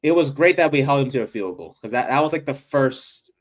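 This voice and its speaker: Excitable male sports podcast co-host. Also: mid-range voice, brisk. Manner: excitable, many fillers, bursts of loud enthusiasm. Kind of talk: casual sports chat.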